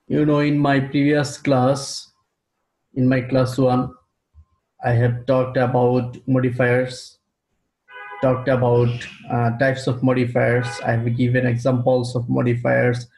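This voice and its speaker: A man teaching an English grammar lesson, speaking slowly and deliberately and repeating key terms for his students. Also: medium pitch, darkish tone. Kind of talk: recorded classroom lecture. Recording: roomy echo.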